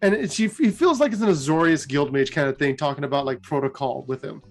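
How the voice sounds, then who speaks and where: A co-host casually retelling game lore in an animated, chatty way. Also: medium pitch, fast, soft background music. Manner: animated, chatty, laughs at own jokes.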